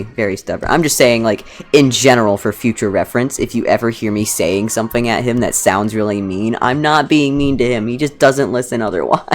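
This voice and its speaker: A woman streaming from her living room couch, chatting casually and rambling as she embroiders, swearing now and then. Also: extremely low pitch. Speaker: streamer making fursuit badges. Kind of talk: casual live-stream chat.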